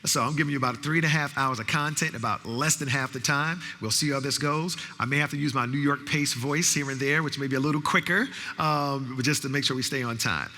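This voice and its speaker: Speaking a little fast with hardly any pauses, a professor delivers an interactive conference training talk in a bright, forceful, medium-pitched voice. He calls for audience responses and repeats phrases to rally them, with long hall reverb on the recording.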